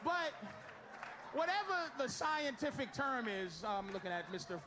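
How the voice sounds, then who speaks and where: A middle-aged man works the crowd in a stand-up set, teasing audience members in a very high voice. He swings from loud shouts to low mutters. The live club recording is loud and noisy. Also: unhurried. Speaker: stand-up comedian.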